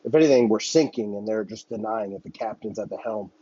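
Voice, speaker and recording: A man's voice: fairly low pitch, a little fast, dark tone, husky, dry recording, muffled recording. A man hosting a podcast, ranting on his own in a heated, profane, rambling way. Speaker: podcast host. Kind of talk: solo political commentary rant.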